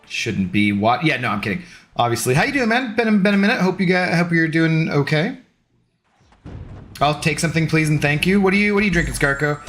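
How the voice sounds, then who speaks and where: A man's voice: on the high side, expressive, fast, fairly bright tone. A young adult man streaming, chatting casually with viewers in a rambling, easygoing, self-deprecating way. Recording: faint music underneath.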